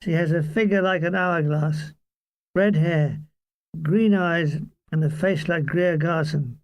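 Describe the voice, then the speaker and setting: A man's voice: on the high side, slow, no room sound. A man narrating a comic wartime memoir in a dry, wry storytelling manner. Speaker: audiobook reader.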